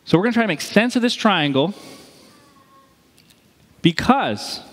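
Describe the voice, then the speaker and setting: A man preaching a sermon as pastor, speaking in a lively, conversational way and acting out quoted lines. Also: high voice, measured pace. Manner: animated, conversational, acts out quotes. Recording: reverberant hall.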